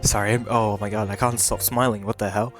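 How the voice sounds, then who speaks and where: A man's voice: fairly low pitch, a little fast. A man streaming a game, reading its text aloud and reacting with giggles and stumbles. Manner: giggly, excitable, stumbling over words. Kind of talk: casual let's-play commentary. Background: game music.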